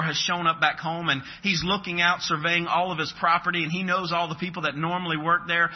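A man preaching an earnest, animated sermon at a church service, acting out scripture characters. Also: fairly high pitch, slightly rough. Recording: dull, muffled sermon recording.

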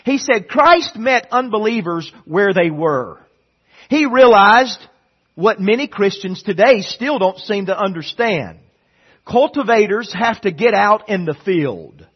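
A man preaching a sermon, his voice high and a little husky. He swings from loud, emphatic declarations down to near-murmured stretches. The sound is dull and lo-fi. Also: lively intonation, unhurried. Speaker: pastor.

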